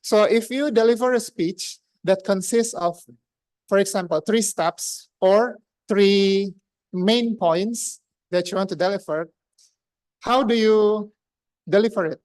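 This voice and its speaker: Speaking slowly in a medium-pitched, darkish voice, with no room sound, an Indonesian-accented woman presents her grammarian report to a speaking club. It's an interactive, chatty speech packed with fillers and questions put to the audience.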